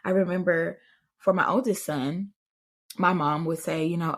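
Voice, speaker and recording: A woman's voice: lowish voice, flat delivery, a little slow, a bit bright. A woman hosting a parenting podcast, telling stories in a chatty way and talking straight to her listeners. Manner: chatty storytelling, addresses listeners directly. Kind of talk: casual advice chat.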